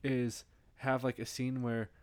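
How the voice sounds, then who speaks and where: A man's voice: mid-range voice, level tone, a little slow, clear, resonant tone, no echo. A man co-hosting a podcast in casual chat, rambling with many fillers and restarts. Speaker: podcast co-host.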